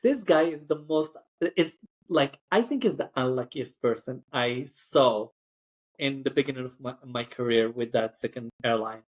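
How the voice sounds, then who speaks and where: A man's voice: medium pitch, moderate pace. A man who works as cabin crew, telling a story in a chatty podcast style, full of "like" and acted-out voices. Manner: chatty, acts out quoted voices, frequent "like".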